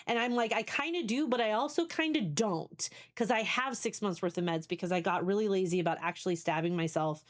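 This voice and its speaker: Candid, rambling woman streamer in her forties. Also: medium pitch. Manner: candid, rambling, thinks aloud with many restarts. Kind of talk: casual chat.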